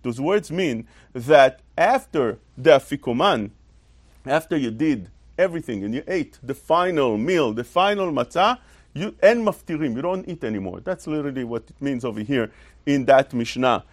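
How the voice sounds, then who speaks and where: A man giving a religious lesson as a Torah teacher, talking in an animated, emphatic way with rhetorical questions and repetition. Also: medium pitch, moderate pace, no room sound.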